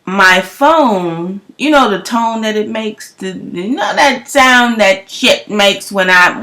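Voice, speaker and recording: A young woman, telling a story in a loud, profane vlog rant full of emphatic rhetorical questions. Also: mid-range voice, lively intonation, extremely slow. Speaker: vlogger.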